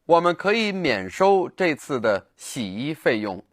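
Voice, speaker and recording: A man's voice: fairly high pitch, very animated, a little slow, no room sound, clean studio sound. A man teaching a language lesson, explaining words and repeating example phrases in a scripted narration.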